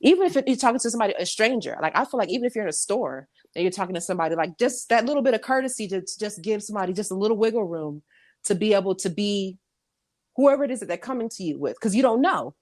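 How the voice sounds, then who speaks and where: A woman's voice: medium pitch, fast talker, no room sound. A woman guest in a casual podcast chat, talking animatedly, laughing often and acting out what people said. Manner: animated, laughing, acts out quoted speech.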